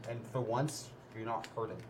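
Man, game master, calm measured narration, far from the mic, noisy background. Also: medium pitch. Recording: distant mic with background noise.

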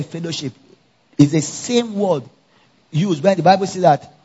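A man with a high, slightly husky voice preaches at a church conference, energetic and full of call-and-response. He keeps tossing questions to the congregation and filling in the answers. The recording is dull and lo-fi. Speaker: pastor. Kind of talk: sermon.

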